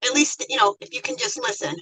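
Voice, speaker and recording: A woman's voice: sits high, huge pitch swings, fast talker, bright, forceful tone, far from the mic, rough recording. A middle-aged American woman hosting a casual livestream, chatting and laughing as she reads viewer comments aloud. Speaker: livestream host.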